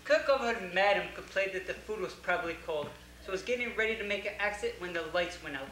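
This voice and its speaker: A man's voice: high voice, expressive, fast talker, sharp tone. A man playing a formal, deferential butler in a stage play. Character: formal, dignified male butler. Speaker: community theater actor. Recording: roomy stage recording, faint hiss.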